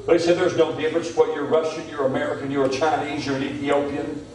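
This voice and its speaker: A man preaches a revival sermon in a church, his high voice rising and falling as he leans on "my friend" again and again. The sound carries a strong, roomy echo from the hall. The mic sits well away from him. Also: flat delivery, fast talker, a little mellow, distant mic, slight background noise. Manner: preaching, repeats "my friend" often. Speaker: pastor. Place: church sanctuary. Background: congregation amens.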